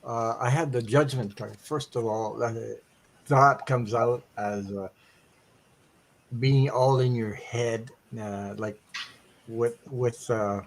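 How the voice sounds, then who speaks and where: A man's voice: medium pitch, steady tone, slow pace, vocal fry. Hesitant man from Quebec, reading tarot cards. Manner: hesitant, many fillers and restarts. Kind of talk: live-stream casual chat.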